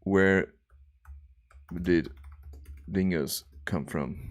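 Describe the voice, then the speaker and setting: A young man hosting a relaxed livestream, chatting casually and rambling with viewers. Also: low-pitched, moderate pace. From Australia. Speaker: livestream host.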